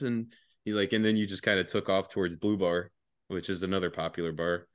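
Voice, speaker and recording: A man's voice: low voice, fairly even intonation, moderate pace, long pauses, no echo. A young man telling a long, profane story as a podcast guest, laughing through it and rambling. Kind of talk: casual storytelling.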